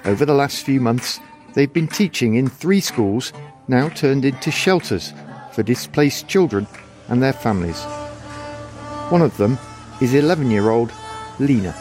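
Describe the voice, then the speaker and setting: Male news reporter, soft music behind. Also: mid-range voice, lively intonation, measured pace, pauses often. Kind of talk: scripted news report narration.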